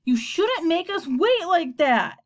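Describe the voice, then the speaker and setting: A woman's voice: high voice, sing-song, moderate pace, pitched above the performer's own voice. A woman voicing an easily upset young boy, speaking in a raised, tense way in a storybook reading.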